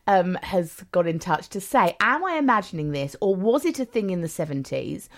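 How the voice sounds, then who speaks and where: A middle-aged woman, co-hosting a radio show and telling stories in a chatty, animated way with frequent laughter. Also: on the low side, normal speed. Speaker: radio co-host. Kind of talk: casual radio chat.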